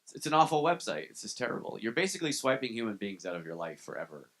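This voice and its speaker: In a comedy club, a man does a live stand-up set, making fun of himself in a loose, profane, conversational way. His medium-pitched voice is sing-song and a bit bright, and he talks quickly.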